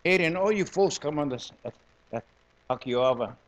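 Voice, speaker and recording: A man in his seventies with a Hawaiian Pidgin English accent, giving a lively, joking talk to a gathering and repeating words in quick bursts. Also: a little high, muffled recording. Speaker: presenter at a community gathering.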